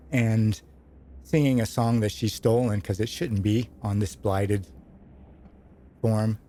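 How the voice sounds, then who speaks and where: A man's voice: lowish voice, a little mellow. Man narrating a tabletop game. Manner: vivid descriptive storytelling, casual fillers. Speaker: game master.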